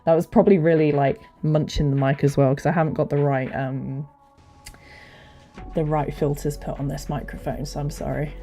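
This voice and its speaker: A young woman streamer with a deep voice, chatting casually into a desk mic on a stand, rambling and self-deprecating with lots of fillers and restarts. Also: fairly even intonation, normal speed, mellow, faint music behind. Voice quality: low, deep voice. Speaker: streamer and hobby voice actor. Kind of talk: casual livestream chat. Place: home streaming setup.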